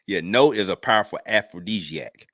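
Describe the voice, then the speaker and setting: Lively laughing man telling stories. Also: lowish voice, moderate pace, no echo, clean studio sound. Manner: laughing, lively storyteller who acts out others' lines. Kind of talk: casual chat.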